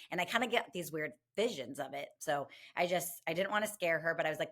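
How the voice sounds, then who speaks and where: A woman guest on a podcast, telling a personal story in an animated, expressive way with many asides. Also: sits low, quick pace, hardly any pauses. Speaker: guest, medium and grief counselor.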